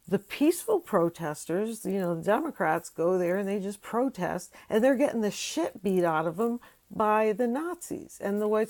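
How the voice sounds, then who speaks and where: An older woman ranting on her own channel, heated and profane, swinging from loud outbursts to tired mutters. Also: mid-range voice, gravelly. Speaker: YouTube ranter. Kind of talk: solo angry political rant.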